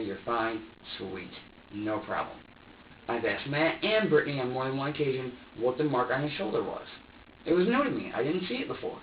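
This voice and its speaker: A young man in his twenties talks in a halting, profane ramble while being questioned. He is picked up from across an echoey interview room. The recording is dull and muffled, with a faint hum of ambience behind him. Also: mid-range voice, recorded from a distance. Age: 20s. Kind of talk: police interrogation statement.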